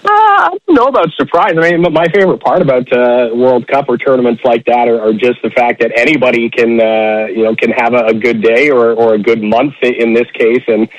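A man calls in as a guest on a radio chat, talking in an easygoing way with plenty of fillers. His voice sits at a middle pitch. The sound is dull and lo-fi, with a dry feel. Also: expressive, fairly quick, few pauses, dry recording. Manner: easygoing, laughs often, many fillers. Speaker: play-by-play announcer guest.

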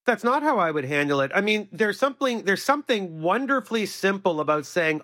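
A man's voice: high voice, big pitch swings, a little fast, few pauses, bright, forceful tone, no room sound, clean studio sound. A man co-hosting a radio show, giving advice in an earnest, emphatic, opinionated way. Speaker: radio co-host.

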